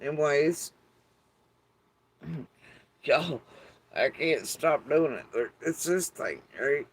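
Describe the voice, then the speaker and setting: Over poor audio, a middle-aged YouTube commentator speaks very slowly in a fairly high, expressive voice with a breathy edge. His casual monologue wanders, salted with wry remarks, profanity and filler words.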